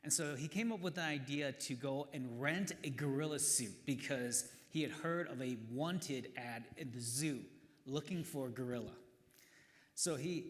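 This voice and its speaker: A man's voice: fairly high pitch, fairly bright tone. Chatty male pastor in a reverberant hall. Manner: casual, chatty, tag questions like "right?". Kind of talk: sermon. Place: church worship hall. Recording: long reverb of a worship hall.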